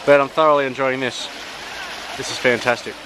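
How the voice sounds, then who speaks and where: A man's voice: mid-range voice, steady tone, a little fast, background noise. A man from Sydney with an Australian accent, chatting upbeat to camera on a travel vlog, outdoors by a river. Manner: chatty and upbeat, with slangy asides. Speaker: travel vlogger. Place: outdoors by a river on a hot day.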